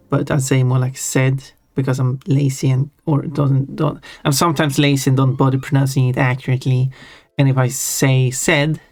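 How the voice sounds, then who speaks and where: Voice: mid-range voice, gravelly, a little mellow, no room sound. A live streamer chatting casually while drawing, musing in a rambling, self-deprecating way. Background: faint chill background music.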